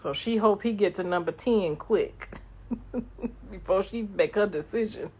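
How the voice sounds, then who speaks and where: A woman's voice: mid-range voice, a little slow, a little mellow, slightly rough. A middle-aged woman hosting a livestream, chatting casually and reading comments in a blunt, profane, sassy way. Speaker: livestream host. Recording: dull lo-fi livestream audio.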